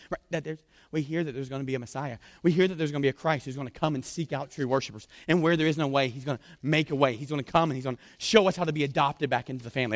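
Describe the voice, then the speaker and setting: A man preaching a sermon as pastor, animated and acting out scripture scenes in different voices. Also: mid-range voice, rapid-fire, dry recording, studio quality.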